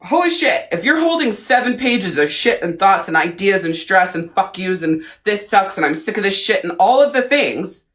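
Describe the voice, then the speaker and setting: A woman's voice: medium pitch, moderate pace, hardly any pauses. Woman life coach, straight-talking and foul-mouthed, chatting to a live audience on camera. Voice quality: profane, blunt, animated. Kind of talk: casual live-stream coaching talk.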